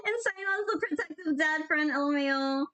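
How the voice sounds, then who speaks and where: A woman's voice: sits high, brisk, pushed and bright. A young woman animating on a live stream, chatting casually in a bubbly, giggly, slangy way and reading chat aloud. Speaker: animator streaming while drawing.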